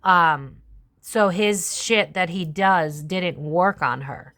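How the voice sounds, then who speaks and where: A woman's voice: lowish voice, slow pace, a bit bright. A young woman chatting casually through a tarot reading, swearing freely and slipping into other people's voices. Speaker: tarot reader and channel host. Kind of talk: casual psychic tarot commentary.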